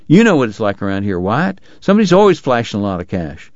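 A man's voice: fairly low pitch, sing-song, quick pace, darkish tone, dry recording, highs cut off. A man voicing a defensive, exasperated young male frontier sheriff.

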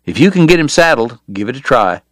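A blunt frontier lawman who talks in short, gruff phrases, as a male narrator voices him. The read is plain and close with no echo, for an audiobook. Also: medium pitch, very animated, a little fast, a bit bright. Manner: blunt, clipped.

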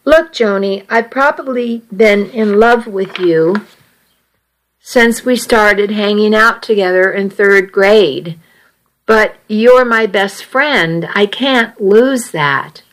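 Slow, earnest teenage boy, uneasy and reasoning aloud, read by a woman. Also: medium pitch, natural voice, poor audio. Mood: troubled. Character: earnest, worried seventeen-year-old boy. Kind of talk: audiobook dialogue reading.

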